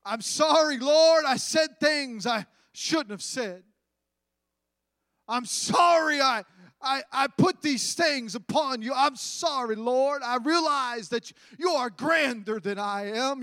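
A man's voice: very high voice, takes it slowly, pushed and bright, no room sound, voice pushed up, full character voice. A man acting out a desperate repentant man. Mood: anguished. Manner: crying out, stammering apologies. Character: repentant man pleading with God.

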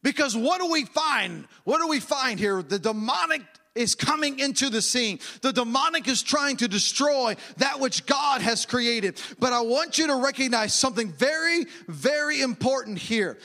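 A man's voice: extremely high pitch, expressive, normal speed, few pauses, pushed and bright. A man preaching a sermon, emphatic and often raising his voice, repeating phrases for stress.

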